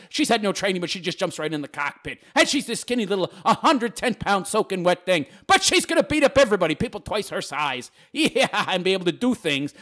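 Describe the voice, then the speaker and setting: A man's voice: sits high, fairly bright tone. A man reading out viewer comments and answering them in a sarcastic, mocking rant. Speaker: YouTube commentator.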